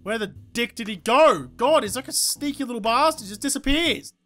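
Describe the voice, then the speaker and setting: A woman narrates her gameplay in an excitable, foul-mouthed ramble, arguing with characters on screen. Her voice sits high and bright, with quiet game music underneath. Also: brisk. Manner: excitable, sweary, talks to herself and the game. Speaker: gaming YouTuber. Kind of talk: let's-play commentary.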